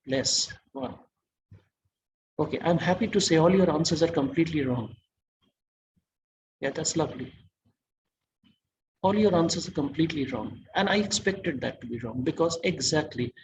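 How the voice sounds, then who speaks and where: A man's voice: a little high, creaky, a little mellow, slight background noise, low-quality recording. A man giving an online masterclass lecture, quizzing his audience and praising their answers.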